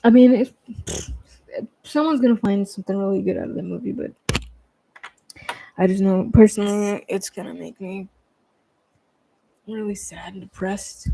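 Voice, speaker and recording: A man chatting casually on a livestream, rambling and hesitant with lots of fillers, restarts and casual swearing, often trailing off quietly. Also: high voice, moderate pace, vocal fry, long pauses.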